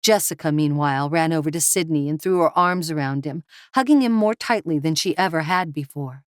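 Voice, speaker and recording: A woman reads a thriller audiobook in a low, dark-toned voice. The sound is dry and close to the mic. Her delivery is steady and dramatic. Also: a little fast, no echo. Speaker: audiobook narrator. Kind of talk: scripted narration.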